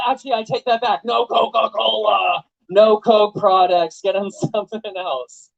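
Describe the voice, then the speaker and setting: A young man giving an animated, joking rally speech to a live audience, full of rhetorical questions. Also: high-pitched, normal speed, creaky, hardly any pauses, highs cut off. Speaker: political activist speaker. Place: event venue with live audience.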